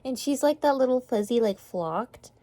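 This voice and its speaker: A young woman chatting casually in an unboxing vlog, gasping and gushing excitedly. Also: on the high side, normal speed, dry recording. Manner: gushing, gasping, excited over cute toys. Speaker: vlogger.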